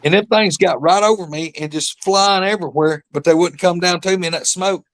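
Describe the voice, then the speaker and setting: A high, slightly bright voice moves at a brisk clip as this man, a podcast host, chats casually. With a rural drawl, he rambles through a long story, calling his audience y'all.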